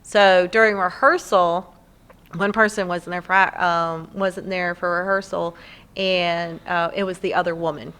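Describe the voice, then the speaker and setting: Her fairly low, smooth voice moves a little slowly as she rambles through animated anecdotes. She's a Southern-accented woman in her thirties, a community theatre actor, guesting on a casual podcast.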